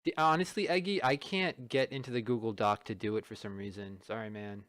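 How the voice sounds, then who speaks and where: A man's voice: lowish voice, fairly even intonation, fairly quick, fairly bright tone, no echo. Male stream host, casual banter, stumbling restarts, dry close sound.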